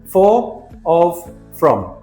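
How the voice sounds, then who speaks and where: Lively-pitched man teaching grammar. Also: very slow, long reverb tail, soft background music. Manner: clear, emphatic teaching delivery with question-tag intonation. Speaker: English teacher. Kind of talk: grammar lesson. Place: hot location.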